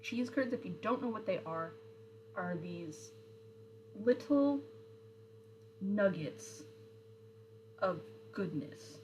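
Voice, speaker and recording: A woman's voice: mid-range voice, animated, slow pace, pauses often, darkish tone, a little hiss or hum, rough recording. A young woman streamer in casual chat, rambling with lots of fillers and answering viewer comments. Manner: rambling, chatty, with frequent fillers and self-corrections.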